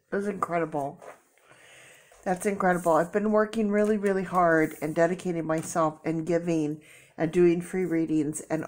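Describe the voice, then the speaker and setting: A woman's voice: low-pitched, darkish tone. A middle-aged woman reading tarot cards to camera in a casual, emotional way, exclaiming and thinking aloud, tearful. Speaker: tarot reader.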